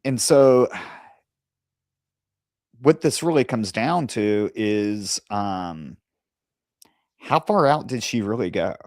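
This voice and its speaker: A man co-hosting a casual discussion, speaking in a measured, careful way with pauses and fillers. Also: fairly low pitch, lively intonation, a little mellow, no room sound, clean studio sound. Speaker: co-host.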